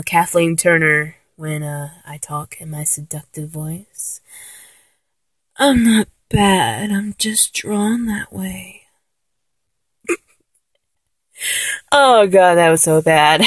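A woman in her mid twenties whose voice sounds older than her age, chatting in a casual, jokey way. Her pitch leaps around as she rambles and laughs at herself. She takes her time, and the sound is dry and close. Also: animated, a little slow, dry recording. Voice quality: mature-sounding voice. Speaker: solo vlogger answering a questionnaire. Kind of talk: casual chat.

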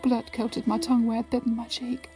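A woman narrating an erotic story in a slow, breathy way, often sinking into hushed whispers. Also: fairly high pitch, flat delivery, poor audio. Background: background music.

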